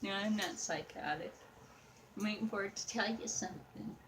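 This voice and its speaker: A woman's voice: mid-range voice, normal speed, slight background noise, poor audio. A young woman chatting casually as she works on a craft project, rambling and talking to her viewers and to a doll. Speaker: craft vlogger.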